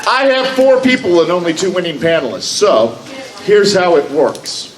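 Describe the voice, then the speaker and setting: A man hosting a live convention panel, calling out bids with brisk, teasing auctioneer patter. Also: high-pitched, big pitch swings. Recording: echoey hall with crowd noise.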